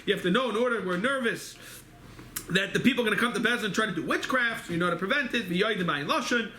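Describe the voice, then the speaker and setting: A man teaching a Talmud study class, moving quickly through the text and answering his own questions as he goes. He speaks in a synagogue study hall. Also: sits high, expressive, pushed and bright, slight background noise. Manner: rapid, quizzing himself with questions. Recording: echoey hall recording.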